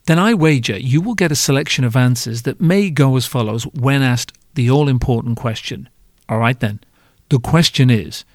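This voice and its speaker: A man's voice: medium pitch, a little mellow, dry recording. Man, podcast host, comic monologue, wry, self-mocking, sweary, dry close sound.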